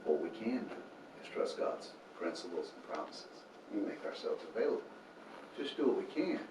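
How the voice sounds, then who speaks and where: Low-voiced man telling a faith story. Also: moderate pace. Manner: animated storyteller, acts out quotes. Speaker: founder of a homeless ministry, guest. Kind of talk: earnest faith storytelling in an interview. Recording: roomy room, distant mic, faint noise.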